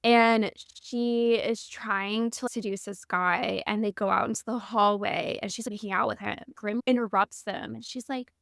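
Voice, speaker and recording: A woman's voice: medium pitch, fairly even intonation, a little slow, gravelly, few pauses, fairly bright tone, no room sound, clean studio sound. A young woman co-hosting a podcast, gushing enthusiastically as she retells favorite book scenes. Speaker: podcast co-host. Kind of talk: casual book review chat.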